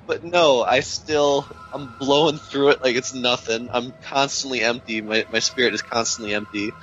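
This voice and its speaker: A man's voice: medium pitch, steady tone, moderate pace, fairly bright tone, dull audio, faint music behind. A man on a casual gaming podcast, rambling and unsure of himself, laughing at his own confusion. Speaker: podcast co-host.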